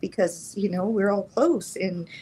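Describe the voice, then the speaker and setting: Interview guest: woman, middle-aged, from New Mexico, medium voice, emotional and halting, acts out the dialogue in her story. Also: mid-range voice, mellow, slightly rough, rough recording.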